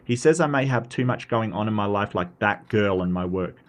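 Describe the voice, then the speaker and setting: An Australian man with a somewhat low voice talks through posts in a loose, animated way. He hesitates and restarts often, with sudden jumps in pitch. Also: brisk. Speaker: streamer host. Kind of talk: casual chat reading posts.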